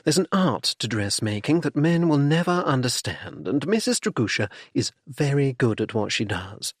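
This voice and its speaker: A man's voice: medium pitch, breathy edge, no room sound, studio quality. A man voicing a composed, tactful middle-aged duchess in an audiobook, polite with a tart edge.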